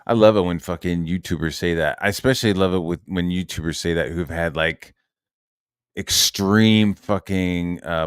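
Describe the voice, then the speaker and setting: Man, low voice, heated sweary rant, sarcastic, dry sound. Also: smooth, no room sound. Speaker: online commentator. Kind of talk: ranting monologue.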